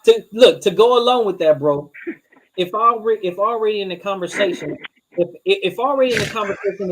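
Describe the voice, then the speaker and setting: A man co-hosting a casual relationship podcast. He is animated and profane, and drops his voice low when he acts out things said to a partner. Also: fast, rough recording. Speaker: podcast co-host.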